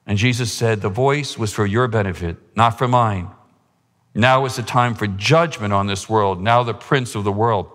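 A man preaching a sermon in a church, impassioned, rising to a higher pitch at his climaxes. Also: moderate pace, fairly bright tone. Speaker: pastor. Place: church sanctuary. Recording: long hall reverb.

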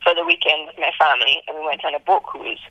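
A woman's voice: fast, no room sound, highs cut off. A young woman from Antigua, a travel blogger telling her story as an interview guest and acting out what people said to her. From Antigua, Caribbean. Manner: lively, acts out quoted speech with big jumps in pitch.

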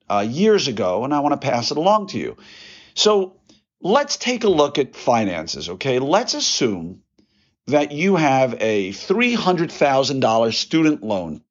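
A man's voice: medium pitch, dull audio. A man hosting his own podcast, talking casually and folksily while working through numbers aloud. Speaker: podcast host, orthodontist. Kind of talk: casual solo podcast monologue.

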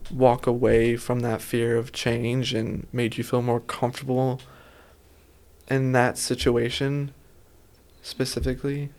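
A man's voice: medium pitch, darkish tone, clear, resonant tone. Reflective male host, casual and hesitant. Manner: reflective, hesitant, many fillers. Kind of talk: casual conversation.

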